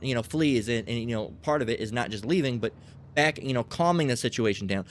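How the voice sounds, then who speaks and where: A man's voice: mid-range voice, lively intonation, quick pace, no room sound. Guy preaching street style, cussing, hammering the same point over and over, dry close sound. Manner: profane, emphatic, repetitive, acts out quarrels.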